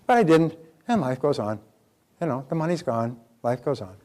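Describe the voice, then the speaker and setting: A man's voice: mid-range voice, very animated, normal speed, dark tone. An older man giving a live motivational seminar lecture, speaking emphatically and putting rhetorical questions to the audience.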